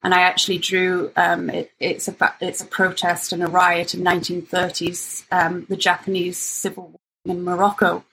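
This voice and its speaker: Woman guest, playwright type, a little gravelly, open and self-mocking, light hiss behind. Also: lowish voice, completely flat delivery, normal speed, fairly bright tone, rough recording. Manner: candid, self-deprecating, laughs easily. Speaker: writer and actor, guest. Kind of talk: conversational interview.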